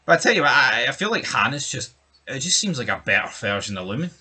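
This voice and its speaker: A man's voice: mid-range voice, big pitch swings, fast talker, sharp tone, breathy edge. A man co-hosting a TV review podcast, bantering casually with crude jokes and what-if musings. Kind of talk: casual chat.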